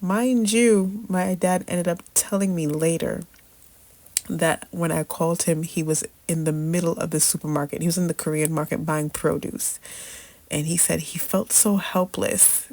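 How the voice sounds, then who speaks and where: A young woman shares a personal story in a candid, casual way, with slangy asides and easy laughter. Her voice sits a little low and has a strong gravelly fry. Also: steady tone, moderate pace, darkish tone. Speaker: storytelling host.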